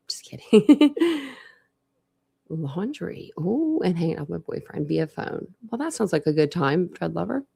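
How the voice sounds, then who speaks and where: A woman's voice: on the low side, gravelly, darkish tone, husky. A young woman from Ohio hosting a true crime livestream, chatting loosely with viewers and wearing a retainer. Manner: rambling, chatty, many "like" fillers. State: talking around a dental retainer. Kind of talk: casual livestream chat, greeting viewers.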